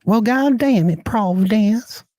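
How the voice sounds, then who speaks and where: A man's voice: high-pitched, unhurried, dark tone, dry recording, studio quality, pitched above the performer's own voice. A man mimicking an angry Midwest girl in a Southern drawl. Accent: put-on Southern US.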